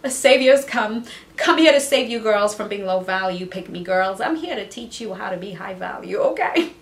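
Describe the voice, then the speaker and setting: A woman's voice: mid-range voice, lively intonation, moderate pace. A woman from Southern Africa, a dating coach, giving emphatic, playful advice and repeating phrases for effect. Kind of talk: motivational advice video. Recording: roomy echo.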